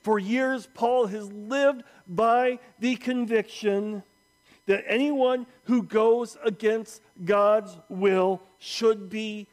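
Male preacher, slow deliberate delivery, pauses for effect. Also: high-pitched, fairly even intonation. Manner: slow, emphatic, with dramatic pauses and quoted voices. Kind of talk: sermon.

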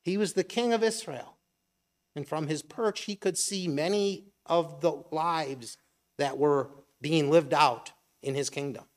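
A man's voice: a little high, a little slow. A middle-aged man giving a conversational sermon, asking rhetorical questions and briefly acting out imagined voices. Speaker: preacher.

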